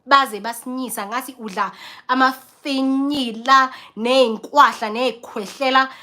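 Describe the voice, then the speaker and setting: A young South African woman vlogger telling a story in a casual, animated way, often acting out the voices of the people in it. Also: high voice, unhurried. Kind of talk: casual storytelling, mixing English and Zulu.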